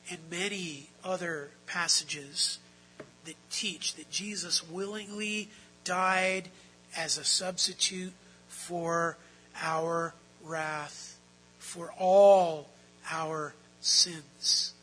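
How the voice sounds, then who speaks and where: A man preaching a sermon, emphatic, moving between quiet explanation and loud, drawn-out stresses. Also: on the high side, a little hiss or hum, low-quality recording. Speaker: pastor.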